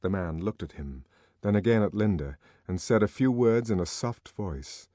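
Here a fairly low-pitched man performs an audiobook, measured and expressive as he tells the tale. The recording, made on a close studio mic, is dry.

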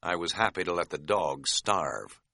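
A man's voice: low-pitched, lively intonation, a little slow, vocal fry, bright, forceful tone, dry recording. A man reading an audiobook, telling the story with a wry, dry humor. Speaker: narrator. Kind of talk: audiobook narration.

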